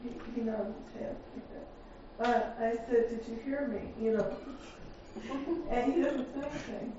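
A woman's voice: fairly high pitch, normal speed, dark tone, a little hiss or hum. A woman chatting in an amused way from across a room. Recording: distant, echoey, muffled room pickup.

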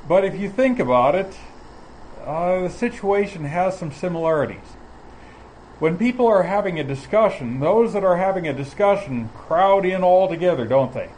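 Man giving a measured Bible teaching. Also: high voice, lively intonation, a little mellow, a little hiss or hum, rough recording. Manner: measured, explanatory, pauses mid-phrase. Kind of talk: sermon.

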